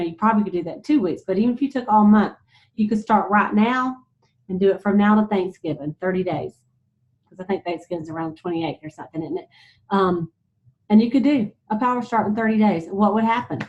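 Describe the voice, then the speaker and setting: A woman leading a motivational sales team talk, chatty and animated, retelling stories with lots of "you know"s. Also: medium pitch. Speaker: sales director speaking to her team. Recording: slightly dull lo-fi sound.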